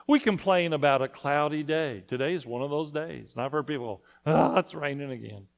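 A man's voice: on the high side, fairly quick. A male pastor preaching a conversational sermon to his congregation, often asking them questions. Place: church sanctuary.

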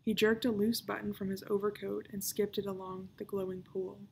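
A woman, a children's librarian, reading a novel aloud in a calm, even storytelling voice. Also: mid-range voice, normal speed, creaky, slight background noise.

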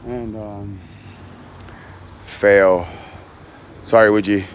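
A man's voice: fairly low pitch, fairly even intonation, drawn-out words. Rambling self-mocking young man outdoors. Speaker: vlogger. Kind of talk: casual vlog while doing yard work. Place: outdoors in a backyard.

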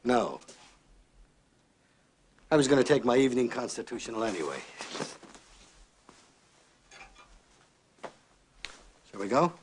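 An actor playing a ruthless male crime boss in a 1970s crime film, curt and quick to explode into shouting. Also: medium pitch, big pitch swings, a little hiss or hum, natural voice. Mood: calm. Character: ruthless male mob boss, hot-tempered.

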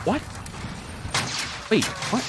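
A young man streaming a shooter game, talking to himself in profane, excitable commentary. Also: drawn-out words, noisy background. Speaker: gaming streamer. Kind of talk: live gameplay commentary. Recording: game sound mixed under voice.

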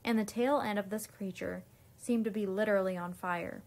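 A woman, a teacher, reading a children's storybook aloud in an unhurried way, with small slips and restarts. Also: mid-range voice, steady tone, darkish tone.

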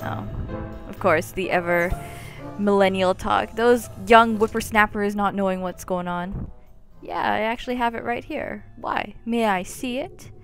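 A young woman giving casual commentary while playing a game, chatty and jokey with sudden loud outbursts. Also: medium pitch, a little slow, creaky, faint music behind. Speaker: let's play gamer.

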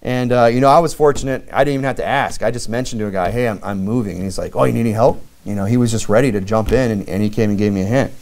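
A man preaching a sermon in a conversational way, with frequent fillers and lively acted-out dialogue. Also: on the low side, rapid-fire, few pauses. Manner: conversational preaching, many "you know" fillers, acts out lively quoted dialogue. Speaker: pastor.

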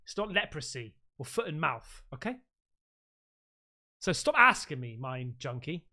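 A British man reacting casually to ghost clips, loud and excitable, swearing freely. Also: on the high side, unhurried. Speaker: reaction video host.

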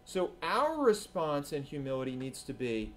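A man preaching a sermon as pastor at a church service, earnest and swinging between emphatic and hushed delivery. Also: fairly high pitch, big pitch swings, moderate pace, a little hiss or hum.

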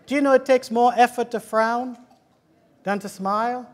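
A male preacher with a British accent delivers a lively church sermon. His voice sits very high, and his delivery is fervent. He calls out to the congregation and jokes with them. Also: normal speed. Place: church hall.

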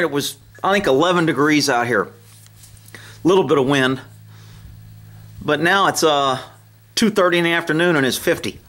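A man filming his horses outdoors, joking and talking in high baby talk to them. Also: normal speed, long pauses, a bit bright. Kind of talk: casual vlog commentary. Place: outdoors at a pasture.

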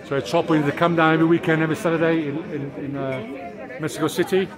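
Walking through a busy outdoor street market, a man vlogs casually, talking to the camera and to stallholders in broken Spanish. He talks fast with a fairly high, steady voice, while crowd chatter and passing traffic fill the noisy background.

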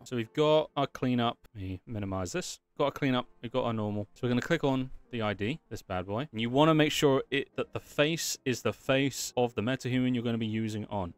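A chatty man giving a casual screen-share tutorial on his animation work, explaining each step and thanking his viewers. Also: on the low side. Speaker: creator walking through his animation work.

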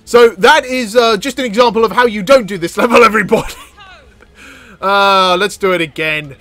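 A man giving excitable let's-play commentary as a gaming YouTuber, yelping, cackling and chattering at the game. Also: sits high, moderate pace.

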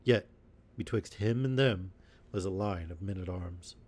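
A man's voice: low-pitched, breathy edge. Man reading an old storybook at bedtime. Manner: steady, measured reading of old-fashioned prose. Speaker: narrator.

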